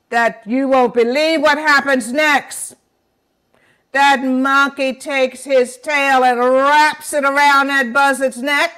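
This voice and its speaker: A woman's voice: high-pitched, fairly bright tone, clear, resonant tone. A woman storyteller telling a folk tale aloud in a dramatic, rhythmic way, dropping and raising her volume for effect.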